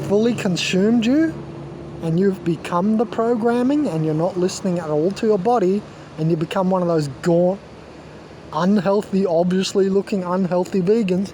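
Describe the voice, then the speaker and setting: A man's voice: high-pitched, noisy background. A man rambling to camera as a wellness vlogger, emphatic and self-assured, lecturing his viewers.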